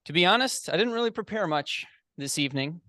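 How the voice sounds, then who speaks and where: A man's voice: high voice, lively intonation, a little fast, bright, forceful tone, dry recording, studio quality. A man, nasal from allergies, giving a candid, self-deprecating and reassuring inspirational speech at a speaking club. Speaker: club member giving the opening. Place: club meeting room.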